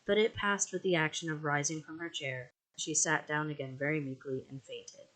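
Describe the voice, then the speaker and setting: An amateur reader narrating a classic novel as an audiobook in a steady, measured way. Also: mid-range voice, rough recording. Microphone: home recording mic.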